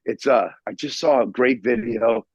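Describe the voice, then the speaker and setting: Over muffled video call audio that comes across dull and dry, a middle-aged New York guitarist tells a story during a casual interview at normal speed. His husky voice is at an ordinary pitch, and he's an animated storyteller who swears freely and keeps restarting.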